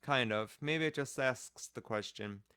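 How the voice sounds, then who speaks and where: A man's voice: medium pitch, unhurried, bright, forceful tone, smooth, no room sound, studio quality. A man teaching a children's music class, patiently explaining rhythm step by step and counting off the beat.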